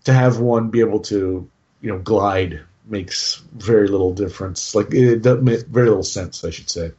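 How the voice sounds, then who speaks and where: Rambling mellow-voiced man, muffled sound. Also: on the low side, normal speed. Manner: rambling, lots of restarts and fillers. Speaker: podcast co-host talking through his game army. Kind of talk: casual chat.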